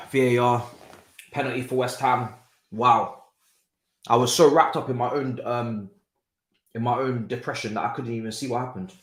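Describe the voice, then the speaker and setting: A man's voice: mid-range voice, fairly even intonation, moderate pace, pauses often, echoey room. A young man, hosting a live football watchalong, exclaiming and swearing as he reacts.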